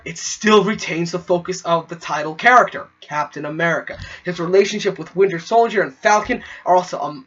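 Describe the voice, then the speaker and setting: A young man with a high, bright voice gushes through a spoiler movie review, tumbling over fillers and snapping into quick acted-out quotes. The recording sounds dull and lo-fi.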